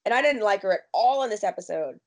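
A woman hosting a casual TV recap chat, quick and emphatic as she gives her opinions. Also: mid-range voice, lively intonation. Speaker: podcast host.

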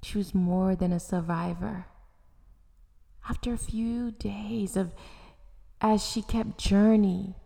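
Slow dramatic woman storyteller. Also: mid-range voice, steady tone, vocal fry, warm tone. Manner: slow and dramatic, dropping to whispers. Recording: long hall reverb.

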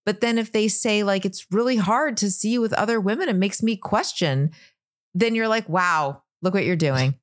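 A woman's voice: medium pitch, normal speed. A woman co-hosting a podcast in casual chat, retelling TV scenes step by step. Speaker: podcast co-host. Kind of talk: casual chat recapping a TV show.

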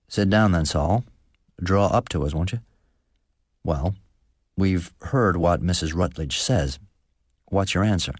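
A man's voice: deep voice, takes it slowly, long pauses, slightly rough, no echo, clean studio sound, full character voice. A man voicing a nervous, thin-voiced village deacon who asks careful, probing questions, read as an audiobook character.

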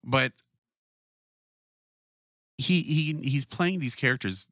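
A man's voice: mid-range voice, slow, pushed and bright, dry recording, clean studio sound. A man co-hosting a casual podcast chat, loose and profane, who keeps slipping into mocking voices to act out scenes. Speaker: podcast co-host.

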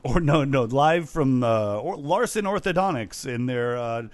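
Wry deadpan podcast co-host, a man. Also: medium pitch, a little slow, no room sound. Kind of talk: casual chat.

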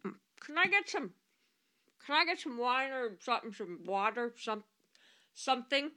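A woman's voice: high voice, expressive, normal speed, sharp tone, no room sound, studio quality. A woman voicing a brash, over-the-top female talk show host in raw comedic voiceover takes, full of playful ad-libs. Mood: showy. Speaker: voice actor.

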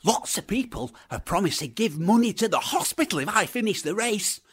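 Children's radio drama: a woman playing a goofy male alien blob, husky, swooping all over. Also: mid-range voice, fairly quick. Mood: excitable. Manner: goofy, excitable, garbled words. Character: silly excitable male alien blob, shape-changing.

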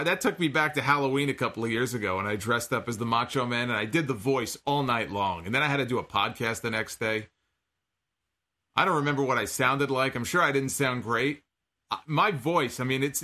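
A man with a bright, forward voice talks casually and wryly as a podcast host. He recaps wrestling at an easy conversational pace, now and then reading out listener donations. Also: medium pitch. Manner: wry, chatty, reads out listener donation messages. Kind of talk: casual solo show recap.

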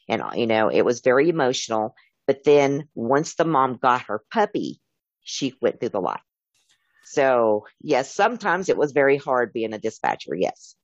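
A man's voice: medium pitch, no echo. Man, interview guest, earnest storytelling, acts out callers, dry sound, muffled tone. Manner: earnest, recounts calls with quoted dialogue. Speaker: interview guest, former emergency dispatcher.

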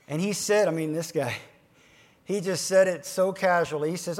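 A man giving a motivational keynote speech to financial advisors, swinging between loud emphasis and hushed near-whispers and slowing down to stress key phrases. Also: high voice, very animated.

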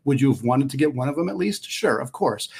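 A man's voice: medium pitch, expressive, fairly quick, gravelly, a little mellow, husky. A man co-hosting a sports podcast, casually analyzing college basketball in a conversational, thinking-aloud way. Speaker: podcast co-host.

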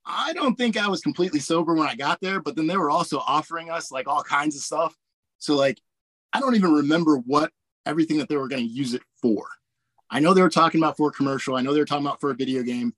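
A man in his forties from Indiana tells his service stories to the interviewer in a loose, relaxed way. His voice sits a little high for a man, and it is recorded close and dry with no room sound. He leans on fillers and laughs often. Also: fast, no echo. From Indiana, USA. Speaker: guest, army warrant officer pilot. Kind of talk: casual storytelling interview.

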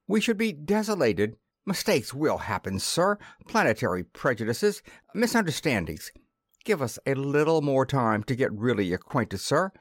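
Man voicing a hotel proprietor, oily, fawning, lively pitch, dry close sound. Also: normal speed, dry recording. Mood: desperately pleading. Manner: unctuous, pleading.

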